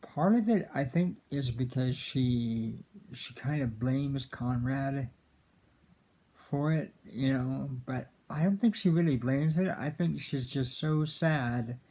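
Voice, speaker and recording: A man giving a casual, earnest film commentary, halting often with fillers and restarts. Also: mid-range voice, vocal fry, mellow. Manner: earnest and emotional about the film.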